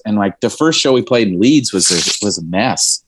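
A man's voice: lowish voice, animated, moderate pace, background noise. A man from Indiana, talking as a musician guest in a frank, emotional and sometimes profane way, with laughing asides. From Indiana, USA. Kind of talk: candid conversational storytelling.

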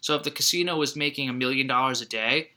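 A man's voice: medium pitch, quick pace. A man co-hosting a podcast, chatting casually and animatedly about a film and acting out its lines. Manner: animated, acts out movie lines in put-on voices. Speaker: podcast co-host. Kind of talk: casual chat.

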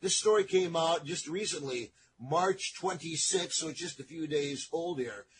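A man's voice: fairly high pitch, moderate pace, a little hiss or hum. A man hosting a radio show in a studio, chatting casually and rambling with lots of fillers and repeats.

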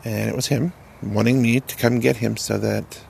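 A man telling a personal testimony in a halting, earnest way, repeating words as he goes. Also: medium pitch, fairly even intonation, gravelly, darkish tone, slight background noise. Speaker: person sharing a recovery story.

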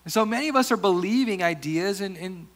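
A pastor preaching a sermon in an earnest, conversational way, often restarting his sentences and dropping to softer asides. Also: high voice, lively intonation, fairly quick.

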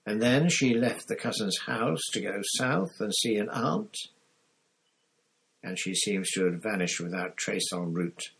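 A nervy, ingratiating middle-aged wizard official, read by a man in a storybook reading. The voice sits low and gravelly with a husky edge, hushed and coaxing as if sharing a secret. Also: animated, unhurried, full character voice, low-quality recording. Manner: hushed, coaxing, lowers his voice to confide.

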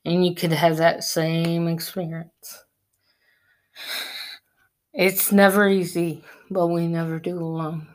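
A woman's voice: lowish voice, level tone. A woman giving an earnest personal faith testimony, preaching encouragement. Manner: earnest, preachy, slow and deliberate.

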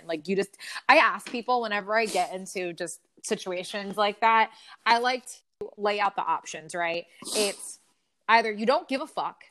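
A woman co-hosting a casual podcast, telling stories in an animated, swearing rant. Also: mid-range voice, a little hiss or hum. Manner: animated storytelling with frequent swearing. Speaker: podcast co-host. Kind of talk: casual ranting chat.

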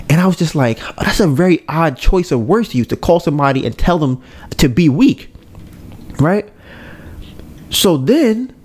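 A man hosting a podcast, retelling a scene in a casual, animated way, acting out lines and often adding "right?". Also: a little high. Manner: frequent "right?" tag questions. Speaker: podcast host. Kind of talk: casual storytelling recap.

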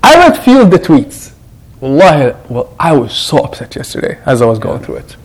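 A male imam gives a Quran reflection in a lively, conversational way. His voice sits high and rises and falls a great deal. He often breaks into the voices of the people he quotes. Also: brisk, low-quality recording. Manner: animated, conversational, acts out quotes. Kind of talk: Quran reflection talk to a congregation.

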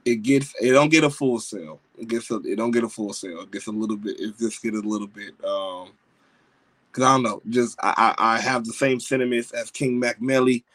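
A married adult man hosts a wrestling podcast, his mid-range voice running a little fast over poor, echo-free audio. He chats casually about wrestling, excitable and rambling, full of slang, fillers and restarts.

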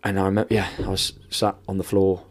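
A man telling a painful personal story in an interview, emotional and near tears, halting and swearing often. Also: low-pitched, completely flat delivery. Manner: candid, heavy swearing, halting restarts. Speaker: podcast guest.

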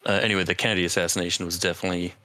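A man's voice: low-pitched, level tone, racing, bright, forceful tone, dry recording. A man co-hosting a podcast in loose, joking chat, swearing and laughing often. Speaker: podcast co-host. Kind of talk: casual chat.

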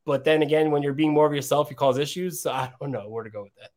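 A man with a somewhat high voice thinks out loud in a casual chat. He rambles thoughtfully, leaning on plenty of fillers. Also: fast talker.

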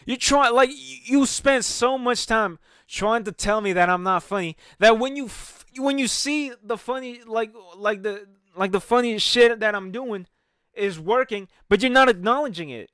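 A man's voice: high voice, moderate pace, a bit bright, smooth, dry recording, studio quality. A man ranting casually to camera at home, heated and profane, rambling with many restarts about his stand-up comedy.

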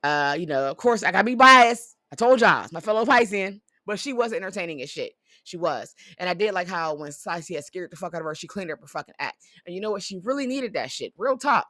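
A woman's voice: on the low side, animated, fast talker, few pauses, sharp tone, no echo, studio quality. A woman chatting casually about reality TV, blunt and profane, ranting with lots of energy. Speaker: vlogger.

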